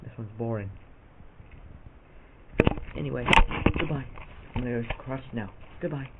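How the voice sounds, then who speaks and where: A man with a mid-range voice talks at a moderate pace in a rambling, playful vlog, sprinkling in goofy asides as he addresses the camera. Everything comes through tinny, lo-fi camera audio with a loud hiss.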